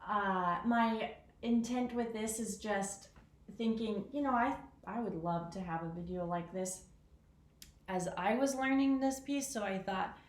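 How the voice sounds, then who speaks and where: A woman talking casually through how she practices a piano piece, chatty and self-deprecating, counting rhythms out loud. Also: medium pitch, a little slow. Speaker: piano teacher. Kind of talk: casual piano lesson vlog. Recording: echoey room with piano. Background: piano playing.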